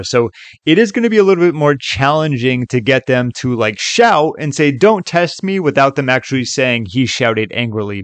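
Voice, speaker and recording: A man at a middling pitch, talking casually through a tutorial and filling his sentences with "like" and "okay". His voice sits close and dry on a desk mic, with no room sound. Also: no room sound. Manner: loose and chatty, many fillers like "like" and "okay". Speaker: tutorial host. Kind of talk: casual screen-recorded tutorial.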